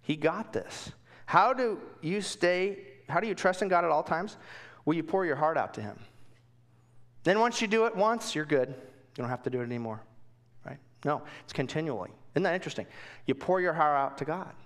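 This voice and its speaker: A man preaching a Bible lesson in a casual, conversational way, asking questions and swinging from quiet asides to emphatic bursts. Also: fairly high pitch, animated, normal speed. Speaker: pastor. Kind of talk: Bible teaching sermon.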